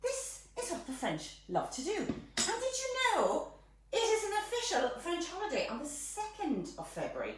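Lively high-voiced woman baking. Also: moderate pace, very echoey, noisy background. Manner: playful, chatty, theatrical. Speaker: home baking host. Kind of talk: live baking demonstration.

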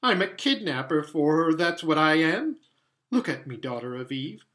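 A man's voice: sits high, very animated, normal speed, pushed and bright, voice pushed up, full character voice. A man voicing a tearful, guilt-ridden male faun in a storybook reading, talking between sobs. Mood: sorrowful. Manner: sobbing, sorrowful.

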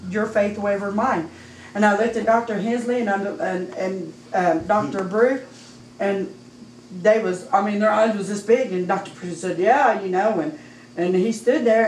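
A middle-aged woman with a Midwestern American accent gives a heartfelt personal testimony in church, her voice rising toward near-shouting as she recounts praising God. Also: mid-range voice. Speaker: church member giving testimony. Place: church sanctuary. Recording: echoey room, distant mic, faint noise.

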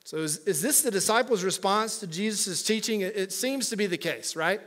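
A man's voice: high-pitched, normal speed, fairly bright tone. A male pastor preaching a conversational sermon with humorous asides to his congregation. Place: church sanctuary.

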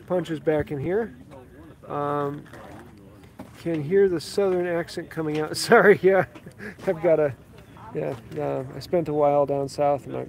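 A fairly high-pitched man with some vocal fry and a slightly mellow tone gives a casual walk-through of tables at an outdoor tool sale. This woodworking channel host chats easily, naming tools and their prices as he strolls, with crowd chatter and outdoor crowd noise all around.

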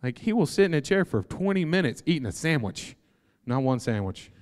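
Excitable young preacher in a reverberant hall. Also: male voice, fairly high pitch, fairly quick. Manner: animated, joking and excitable. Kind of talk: sermon.

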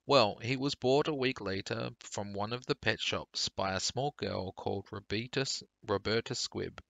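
A man teacher reading a children's storybook aloud for pupils in a clear, steady storytelling way. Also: on the low side, moderate pace, no echo.

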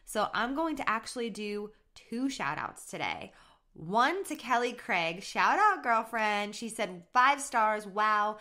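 A woman's voice: on the high side, sing-song, a little slow, sharp tone. A woman hosting her own podcast as a mindset coach, talking casually in a bubbly, gushing, slangy way. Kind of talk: casual solo podcast talk.

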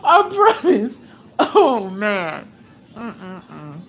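A woman's voice: medium pitch, huge pitch swings, drawn-out words, a little hiss or hum. A woman giving casual reaction commentary, blunt and profane, laughing often as she gossips. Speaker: reaction vlogger.

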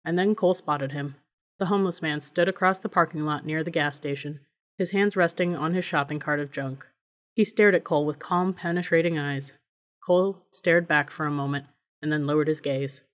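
A woman narrating an audiobook in a measured, even reading voice. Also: deep voice.

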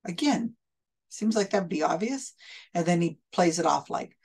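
A woman with a somewhat low voice talks through recorded readings in casual, skeptical commentary. She speaks conversationally, full of fillers and quick restarts. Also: lively intonation, gravelly, darkish tone, husky. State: hiccups. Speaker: commentator reviewing a psychic's readings.

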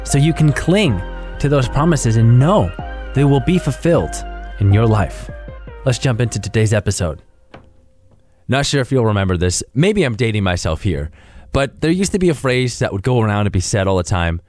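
A man hosting a devotional podcast, speaking to the listener in an earnest, encouraging way. His pitch sits in a middle range for a man, and faint music plays softly behind him. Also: animated, normal speed. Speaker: podcast host. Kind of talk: devotional talk.

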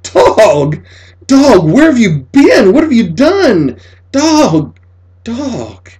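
A man voicing a young boy who shouts desperately for his dog. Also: extremely high pitch, huge pitch swings, extremely slow, pitched above the performer's own voice, heavily acted. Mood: frantic.

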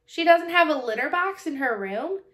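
A woman's voice: high voice, animated, moderate pace, a bit bright, voice pushed up. A woman voicing a huge, aloof male imaginary cat who talks in prim, old-fashioned phrases. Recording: roomy echo.

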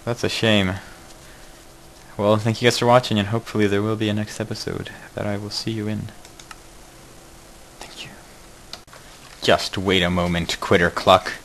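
A man's voice: on the low side, little pitch movement, moderate pace, pauses often, a bit bright, slight background noise, low-quality recording. A man hosting a casual game video, joking and exclaiming at each mishap while he plays. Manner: jokey, exclaims at mishaps, mutters asides. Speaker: gaming video host. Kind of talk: casual let's-play commentary.

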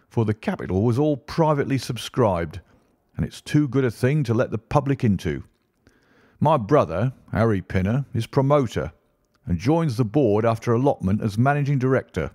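A man voicing a brisk, flattering middle-aged financial agent who talks in a clipped, persuasive way, in an audiobook. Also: medium pitch, no room sound, studio quality, close to an everyday voice. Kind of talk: audiobook character reading.

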